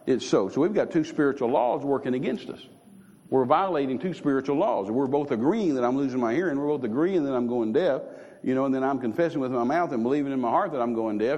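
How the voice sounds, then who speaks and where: A man's voice: darkish tone, dull audio. A middle-aged man, preaching a sermon as a story and acting out the voices he quotes. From Texas. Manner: storytelling, acts out quoted voices with rising pitch. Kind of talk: sermon testimony.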